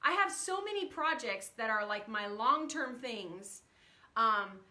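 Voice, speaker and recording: A woman in her thirties talks to her livestream viewers from a room at home, stopping to greet them by name. Her voice sits high and sounds bright and forward, and her talk is open and emotional. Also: lively intonation, measured pace. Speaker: livestream host. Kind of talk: casual livestream chat.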